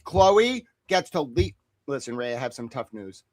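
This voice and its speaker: A man's voice: mid-range voice, very animated, normal speed, a little mellow, no echo. Profane, boastful man joking on a dry mic. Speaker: guest on a boxing talk stream. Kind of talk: casual livestream banter.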